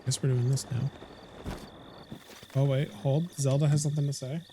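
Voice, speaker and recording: A man's voice: medium pitch, level tone, normal speed, noisy background. A man live-streaming a game, chatting loosely with his viewers, often stopping to correct himself. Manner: rambling, self-correcting, talks to chat. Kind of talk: casual live-stream chat.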